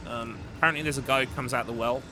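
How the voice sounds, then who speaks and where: A man's voice: medium pitch, fairly even intonation, very fast, noisy background. A man casually talking through his gameplay, swearing now and then and greeting his chat. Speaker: streamer.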